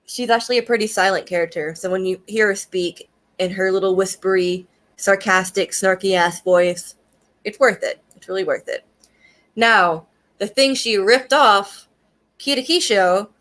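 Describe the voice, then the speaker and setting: A young woman talks through her thoughts on a series in a loose, chatty way, swearing freely and circling back on herself. Her voice sits at a middling pitch, and her manner is easygoing and unpolished. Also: fairly bright tone. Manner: chatty and profane, with frequent fillers and laughs. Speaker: anime reviewer. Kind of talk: casual spoken review.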